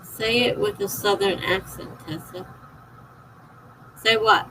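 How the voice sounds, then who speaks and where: Woman streamer with a South Jersey accent, laid-back chat, slow and a bit gravelly, faint noise behind. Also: medium pitch, steady tone, pushed and bright, rough recording. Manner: slow, gravelly delivery with frequent laughs. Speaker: writer streaming live writing sprints. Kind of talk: casual livestream chat, reading out viewer comments.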